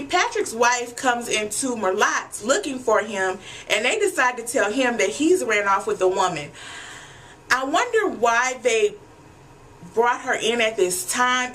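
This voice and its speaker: A talkative woman with a fairly high voice, chatting through an episode recap in a blunt, freewheeling way. She swears casually and keeps turning to her audience as if they were friends on the couch. A faint hiss sits under her voice. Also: fairly bright tone. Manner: chatty, blunt, freely profane, addresses viewers as y'all.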